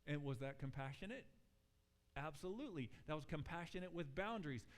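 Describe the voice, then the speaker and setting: A man preaching a sermon in a church sanctuary, his fairly high voice carrying a long reverb through the hall. He talks casually and with animation, acting out quotes as he tells stories. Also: a little fast. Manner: conversational, animated storytelling with acted quotes. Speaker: pastor.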